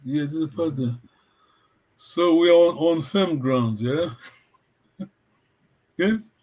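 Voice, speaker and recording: A man's voice: on the high side, slow pace, darkish tone. A man teaching a language lesson over a video call, patiently checking that his students follow.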